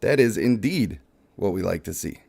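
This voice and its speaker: A man's voice: on the low side, moderate pace, creaky, husky. Playful male game streamer. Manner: playful, excitable, joking with chat. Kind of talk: live game stream commentary.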